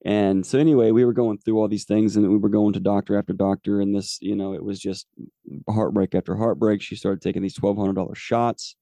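A man's voice: fairly low pitch, level tone, fairly quick, creaky, warm tone, dry recording. A man in his forties, a podcast host telling a personal faith testimony in an earnest, rambling way with many fillers. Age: 40s.

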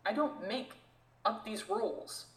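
A woman co-hosting a podcast, ranting in an animated, exasperated way in casual chat. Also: medium pitch, measured pace, echoey room, poor audio. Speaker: podcast co-host.

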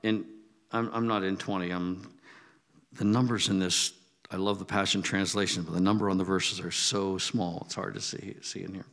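A man's voice: low voice, level tone, moderate pace, creaky, fairly bright tone, long reverb tail. An older man giving a casual Bible teaching, chatty, with asides and restarts. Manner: conversational, restarts and asides, acts out quotes.

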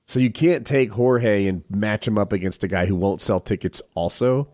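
A podcast co-host with a lowish voice talks at normal speed in a studio-quality recording with no echo. During casual chat he tells stories animatedly, swears freely, and acts out quotes in a raised voice.

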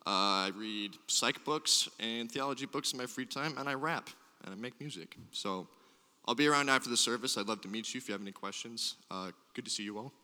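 A man's voice: medium pitch, brisk, bright, forceful tone. Young man introducing himself in church. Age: 20s. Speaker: youth intern. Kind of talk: brief self-introduction. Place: church sanctuary. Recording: long hall reverb in a church.

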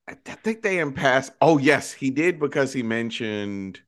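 A man's voice: medium pitch, lively intonation, normal speed, a bit bright, no room sound, clean studio sound. A man co-hosting a podcast, giving wry opinions in casual talk about films. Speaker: podcast co-host. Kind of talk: casual film discussion.

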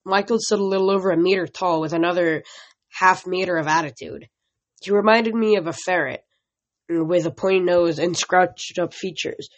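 Amateur audiobook narrator, plain first-person reading, a few stumbles. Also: mid-range voice. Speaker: audiobook reader.

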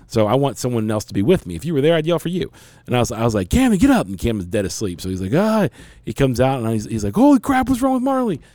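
Earnest, low-voiced man telling a story. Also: mellow, no room sound, clean studio sound. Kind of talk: casual storytelling chat.

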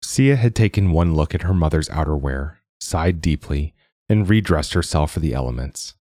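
A man narrating a science fiction story in a measured reading. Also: very deep voice, lively intonation, dark tone, dry recording, clean studio sound. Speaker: audiobook narrator. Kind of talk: scripted narration.

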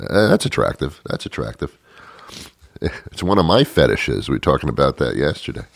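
A man's voice: low voice, vocal fry, dry recording. A man hosting his own comedy show, rambling through a dry, self-mocking monologue with chuckling asides. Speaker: radio-style comedy show host.

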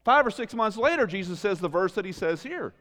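A pastor delivers an animated sermon in a fairly high, lively voice, peppering it with rhetorical questions. He swings from loud emphasis to hushed asides, and his voice rings with a long reverb from a large hall. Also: brisk.

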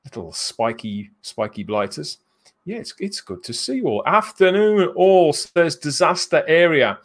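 A man's voice: fairly high pitch, sing-song, normal speed, a bit bright, husky. A man from England hosting a live-streamed chat show in a jokey way, chuckling between phrases. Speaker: host.

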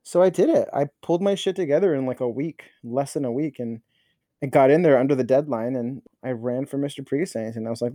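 A young man, a podcast guest, telling crude, animated stories in casual chat, swearing and stumbling over fillers. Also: mid-range voice, a little fast, no room sound, clean studio sound.

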